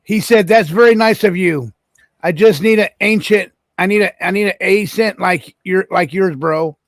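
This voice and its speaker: A man hosts a casual live stream, greeting callers and repeating phrases. His voice is notably high for a man. The sound is close and dry. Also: normal speed, no echo. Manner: relaxed, repeats himself, addresses callers by name. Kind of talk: casual chat.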